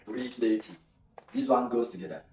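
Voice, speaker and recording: A male English teacher giving an exam-prep pronunciation lesson, repeating words slowly with frequent hesitant fillers. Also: medium pitch, a little mellow. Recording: roomy sound from a distant mic with faint noise.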